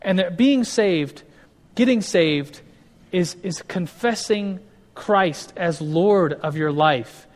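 Male pastor, casual teaching sermon, fairly high voice, long hall reverb. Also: takes it slowly. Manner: conversational, with many restarts and acted-out quotes.

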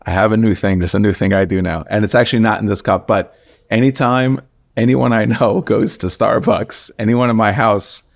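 Low, gravelly, chatty podcast co-host man. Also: steady tone, moderate pace. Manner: chatty, teasing storyteller. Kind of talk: casual chat.

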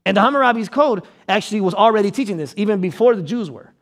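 High-voiced conversational male pastor preaching. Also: lively intonation, quick pace. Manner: conversational, checks in with the audience; acts out quotes with sudden loud outbursts. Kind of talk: sermon.

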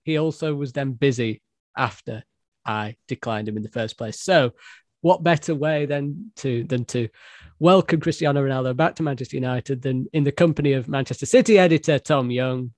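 A man's voice: mid-range voice, normal speed, a little mellow, no room sound. A man hosting a football podcast in a casual, joking, self-deprecating way. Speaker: podcast host and editor-in-chief.

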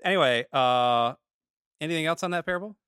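A man from Florida co-hosting a church podcast, telling stories in a lively casual way and acting out quoted lines. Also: fairly high pitch, fairly quick, clear, resonant tone, no echo, clean studio sound. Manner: animated storyteller, acts out quotes. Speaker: podcast co-host. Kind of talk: casual chat.

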